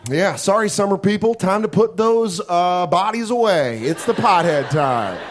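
A man performs stand-up on a club stage, his voice sitting a little high and swinging all over in pitch. He is profane and self-mocking and keeps dropping into quick put-on voices. A faint room hum lies under him. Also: animated. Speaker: stand-up comedian. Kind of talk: stand-up comedy set. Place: comedy club stage with live audience.

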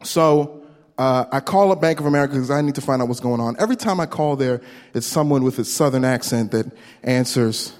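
A man doing a stand-up comedy set, telling a story with lively put-on voices. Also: medium pitch, a little fast. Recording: live room with long reverb and faint noise.

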